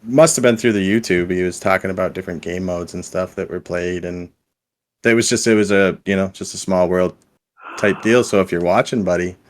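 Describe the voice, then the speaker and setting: A man's voice: deep voice, brisk, slight background noise. A man chatting as a podcast guest, telling stories with lots of ums and restarts. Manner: hesitant, filler-heavy storytelling. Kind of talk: casual chat.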